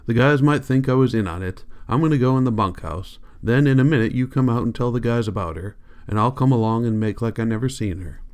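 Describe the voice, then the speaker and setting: A man voicing a grim, weary ranch worker loyal to his friend, speaking in a low, quiet rural drawl. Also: brisk, hardly any pauses, smooth, lightly acted. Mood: urgent.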